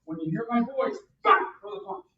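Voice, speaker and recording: A karate instructor teaching a beginner class, counting out drills and calling punch commands in loud bursts. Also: mid-range voice, huge pitch swings, moderate pace. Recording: distant, roomy, dull sound with faint noise.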